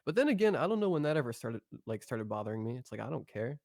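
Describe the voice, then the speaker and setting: A man's voice: medium pitch, big pitch swings, fast talker, gravelly, darkish tone, dry recording, studio quality. Laid-back young man chatting. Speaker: podcast co-host. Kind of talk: casual chat. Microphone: podcast microphone.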